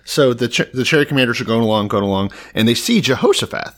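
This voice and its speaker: A man from Texas co-hosting a podcast, retelling a Bible story in a profane, joking, animated way. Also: medium pitch, fast. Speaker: podcast co-host. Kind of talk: casual comedic retelling of Bible stories.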